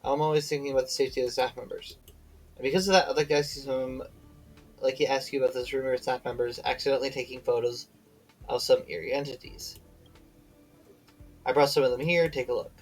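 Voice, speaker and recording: Sleepy guy streaming a game, reading the lines out loud, trips on words n fixes them, soft music behind. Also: mid-range voice, steady tone, fast talker, low-quality recording. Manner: reads aloud with slips and self-corrections, breaks off to chat. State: tired and yawning. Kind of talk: reading game dialogue aloud on a live stream.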